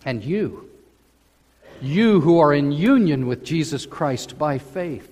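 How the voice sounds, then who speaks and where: A male pastor delivers a sermon in a slightly higher-pitched voice, pacing his words slowly and leaning hard on key phrases. His voice rings out through a church sanctuary with a long, lingering reverb. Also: expressive, a little mellow. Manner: slow, emphatic preaching with drawn-out phrases.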